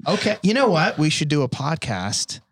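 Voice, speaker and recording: A man's voice: fairly high pitch, sing-song, normal speed, fairly bright tone, dry recording. Young guy rambling on a podcast, restarts a lot, laughs, dry close sound. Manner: rambling, self-interrupting, laughs often. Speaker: podcast guest. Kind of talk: casual chat.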